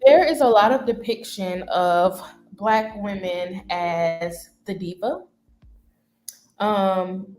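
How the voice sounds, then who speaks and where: A woman speaking as a talk show guest, thoughtful and unhurried, pausing often with ums. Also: medium pitch, darkish tone, echoey room.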